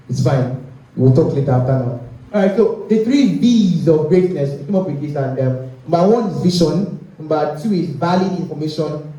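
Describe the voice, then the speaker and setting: A young man gives a conversational motivational talk, keeps checking in with his listeners, and sounds warm and dark. He sits a little off the mic in a large room with heavy echo. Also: fairly high pitch. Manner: conversational, often checks in with the audience. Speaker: guest speaker. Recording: echoey room, speaker far from the mic.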